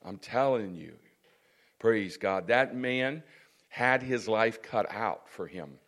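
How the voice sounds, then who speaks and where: A man preaching a sermon, dropping "praise God" and "amen" between points and rising to loud, emphatic stretches. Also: on the low side, slow pace.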